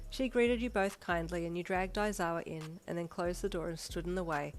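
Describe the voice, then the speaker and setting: A woman narrates second-person fanfiction in a steady, even way. Her voice sits a little low for a woman. Soft music plays faintly behind her. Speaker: fanfiction reader. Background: soft background music.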